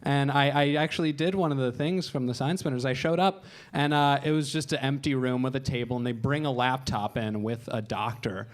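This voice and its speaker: A man's voice: medium pitch, fairly even intonation, fairly quick. A man doing a stand-up comedy set on a club stage, telling wry, self-deprecating stories into a handheld mic and acting out other people in raised voices.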